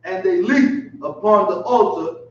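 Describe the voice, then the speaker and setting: A man's voice: high voice, unhurried, lo-fi sound, a little hiss or hum. Distant, echoey man reading scripture. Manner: reads verses aloud, answers with short affirmations. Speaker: scripture reader.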